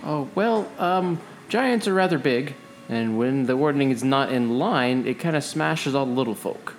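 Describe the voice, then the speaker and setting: A man playing a tabletop game, speaking in character gently. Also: mid-range voice, lively intonation, moderate pace. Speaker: player. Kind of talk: tabletop role-play.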